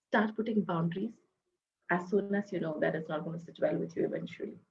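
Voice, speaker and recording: A woman with an Indian English accent giving a parenting talk, speaking gently and modeling the phrases parents can say to their children. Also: fairly low pitch, dull audio.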